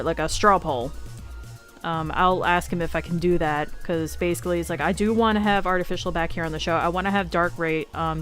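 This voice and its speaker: Low-voiced casual woman stream host. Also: a bit bright. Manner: swears freely, chatty, laughs often. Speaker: livestream show host. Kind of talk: casual chat.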